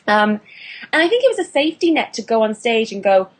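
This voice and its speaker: A woman's voice: fairly high pitch, sing-song, a little fast. A British woman, a burlesque performer and actor, chatting in an interview with many restarts and fillers. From England. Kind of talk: casual interview chat.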